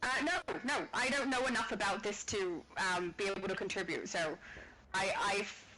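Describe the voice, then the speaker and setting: A woman's voice: mid-range voice, brisk, crowd noise, poor audio. A woman co-hosting a game livestream in casual chat, giggling often and reading viewer comments aloud.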